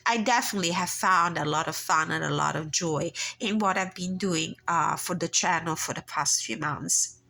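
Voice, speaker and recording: A woman with a congested, nasal voice talks through a personal tarot reading in a calm, reflective way. Her voice sits a little low and has a gravelly fry, yet it sounds bright and crisp on top. She reads guidebook passages aloud at an unhurried pace, often pausing on fillers. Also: low-quality recording. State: congested, nasal from blocked sinuses. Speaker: tarot reader and channel host.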